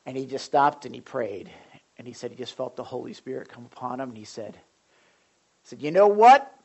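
A male pastor preaching a sermon with animated storytelling and questions to the audience. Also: medium pitch, normal speed, vocal fry, husky.

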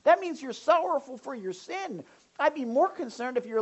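A woman pastor preaching a sermon in an animated way, now and then acting out the voices of people in the pews. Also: high-pitched, normal speed, highs cut off. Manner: animated, acts out congregants' voices.

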